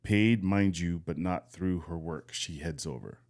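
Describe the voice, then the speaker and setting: Man, very deep voice, podcast co-host, reading a story, laughs easily. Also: a little slow, darkish tone. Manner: laughs often, feigns not remembering. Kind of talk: casual chat, reading a listener story aloud.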